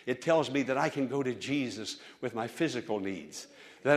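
A man preaching a sermon as pastor, fervent, moving between hushed storytelling and loud exhortation. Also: mid-range voice, normal speed.

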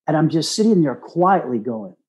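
Earnest older man with a mellow voice. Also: on the high side, big pitch swings, normal speed. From Texas. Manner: earnest, folksy, acts out quoted voices. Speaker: guest. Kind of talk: casual storytelling.

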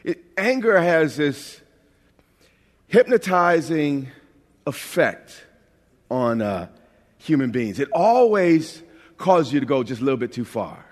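A man's voice: a little high, big pitch swings, takes it slowly, long pauses. A pastor from New York preaching a sermon in a conversational, joking way, often restarting his phrases. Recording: long hall reverb.

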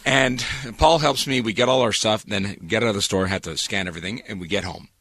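A man's voice: fairly quick, a bit bright, no room sound, clean studio sound. A Canadian man co-hosting a morning radio show, telling a comic story with exasperation and acting out the quoted lines. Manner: exasperated, comic, acts out quoted dialogue with big pitch jumps.

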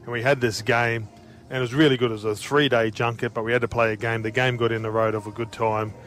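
With a mid-range voice and fast delivery, this ex-rugby league player and radio co-host from Australia spins lively, tumbling anecdotes in a relaxed storytelling chat, frequently laughing as he goes.

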